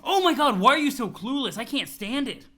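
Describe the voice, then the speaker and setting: Man playing a furious young woman, shouting, raised pitch, bright edge. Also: very animated, fast, full character voice. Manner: shouting, exasperated. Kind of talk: reading a webcomic aloud on stream.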